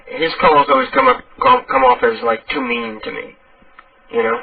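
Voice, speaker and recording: A man's voice: extremely high pitch, animated, moderate pace, gravelly, no echo. A man hosting a prank call radio show, chatting casually and bluntly, with plenty of swearing. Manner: blunt, swearing, laughs easily. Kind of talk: casual chat. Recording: tinny phone-like, distant.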